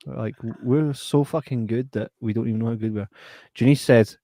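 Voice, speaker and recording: Man, podcast host, joking and swearing, mid-pitched voice, dry close sound. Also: fairly quick, dark tone, no room sound. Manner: jokey, swears freely, reads out listener messages. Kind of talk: casual chat.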